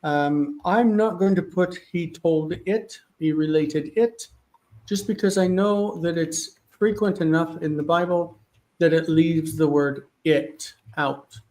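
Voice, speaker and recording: Guy teaching an online class at home, bit high voice, thinks out loud while checking stuff. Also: fairly even intonation, slow, rough recording. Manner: thinks aloud, checks references mid-sentence. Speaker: Hebrew teacher. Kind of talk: live online class, working through texts. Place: home studio with one light.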